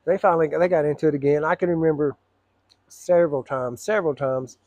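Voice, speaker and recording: A middle-aged man telling a personal story, blunt and profane, rambling with frequent throat clearing. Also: on the high side, brisk, darkish tone, dry recording.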